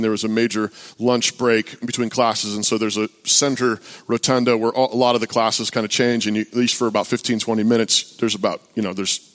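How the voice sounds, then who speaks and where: A man, a pastor, telling a story in a halting sermon style full of fillers and restarts. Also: mid-range voice. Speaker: pastor and open-air preacher. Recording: long hall reverb.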